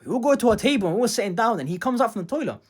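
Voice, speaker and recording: A young man with a high-pitched voice tells a comic story from his own life, playing it up for laughs. His delivery swoops all over the place, jumping from loud boastful outbursts to low muttered asides. It sounds like a casual storytime vlog. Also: expressive, racing, slightly rough. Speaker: storytime vlogger.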